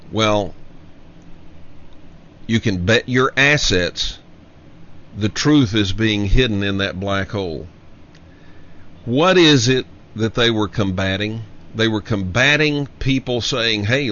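A man hosting a show, giving an emphatic solo commentary and slowly repeating his key lines for effect. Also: lowish voice, a bit bright. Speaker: show host. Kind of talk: monologue commentary. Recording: dull lo-fi audio.

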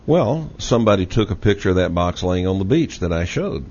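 A man's voice: low voice, very animated, brisk, darkish tone. A man with a Texas accent hosting a talk radio show, making his points in a folksy, emphatic way and repeating them. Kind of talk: casual talk radio discussion. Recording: dull lo-fi radio audio with faint hiss.

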